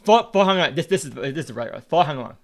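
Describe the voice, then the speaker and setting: High-voiced man chatting on stream. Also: animated, quick pace. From United States. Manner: rambling, repeats words, swears casually. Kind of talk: casual stream chat.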